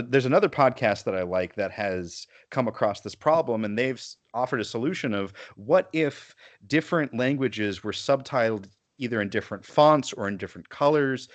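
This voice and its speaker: A man's voice: mid-range voice, moderate pace, few pauses. A man hosting a podcast, talking in a casual, rambling way with frequent restarts. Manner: rambling, self-correcting. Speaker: podcast host. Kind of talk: casual chat.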